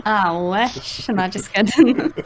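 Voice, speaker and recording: A woman's voice: fairly high pitch, noisy background. A woman on a casual podcast, giggling and swearing freely as she chats. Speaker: podcast co-host. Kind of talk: casual chat.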